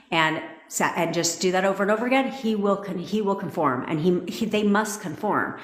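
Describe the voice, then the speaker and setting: A woman's voice: mid-range voice, animated, fairly quick, few pauses. A woman manifestation coach talking casually and bluntly on a live stream, swearing freely for emphasis. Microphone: phone. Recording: echoey room.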